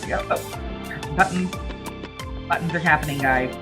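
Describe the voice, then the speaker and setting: A woman's voice: low voice, measured pace, over music. A woman hosting a casual writing livestream, chatting bluntly and rambling with frequent laughs. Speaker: livestream host.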